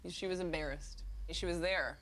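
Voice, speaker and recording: A woman speaking in a documentary interview as a new mother, outspoken and loud. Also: on the low side, fairly even intonation, moderate pace, a little hiss or hum. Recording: music playing under the voice.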